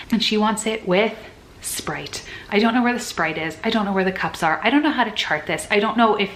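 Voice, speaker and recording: A woman's voice: medium pitch, a bit bright. A young woman, a nurse, talking casually and earnestly to camera, acting out her own past worries as she goes. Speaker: nurse sharing advice. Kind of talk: casual vlog chat.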